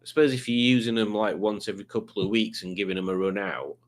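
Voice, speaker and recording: A man's voice: on the low side, fast talker. A man hosting a live stream, reading viewer comments in a rambling, playful, self-deprecating way.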